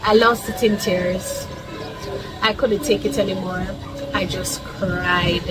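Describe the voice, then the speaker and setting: A woman's voice: medium pitch, fairly even intonation, slow, very noisy. A Jamaican woman vlogger telling a personal story in an emphatic, heartfelt way, stacking lists and repeating herself for weight. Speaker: vlogger, mother. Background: background music.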